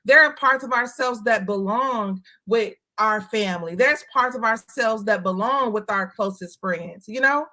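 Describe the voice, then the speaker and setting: Woman from Chicago, bright tone, candid and emphatic, casual chat. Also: a little high, a little slow, hardly any pauses. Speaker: co-host.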